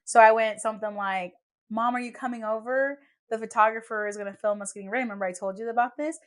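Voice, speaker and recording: A young woman hosts a podcast, speaking quickly in a fairly high voice into a podcast microphone. She tells stories in casual chat, animated throughout, acting out the people she quotes.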